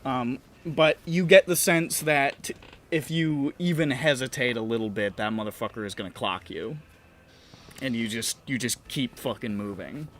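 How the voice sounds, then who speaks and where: A man's voice: medium pitch, normal speed, fairly bright tone, a little hiss or hum. A man narrating as game master in a casual, swearing, laughing manner.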